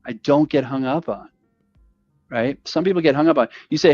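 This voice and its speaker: An animated man rambles through sales talk, acting out calls in a lively voice that jumps up and down in pitch. The audio is dull and lo-fi, with faint music underneath. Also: normal speed, no room sound. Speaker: podcast host. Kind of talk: casual conversation about sales calls.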